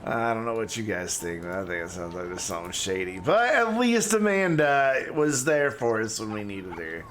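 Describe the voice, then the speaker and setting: A man's voice: on the low side, very animated, normal speed, fairly bright tone, faint music behind. A man streaming a city-building game, joking and rambling as he thinks aloud. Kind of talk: casual gameplay commentary.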